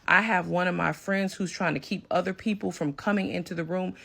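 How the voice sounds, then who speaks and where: A woman telling a personal story in an emphatic, animated storytime manner. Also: on the low side, a little fast, vocal fry, husky. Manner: emphatic, animated when retelling a confrontation. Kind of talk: storytime recounting a personal drama.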